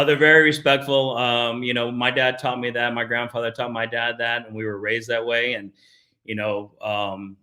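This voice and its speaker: A man's voice: on the low side, sharp tone. A middle-aged man from South Texas, a golfer guest, telling stories in casual talk, full of fillers and restarts. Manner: storytelling with many fillers and restarts.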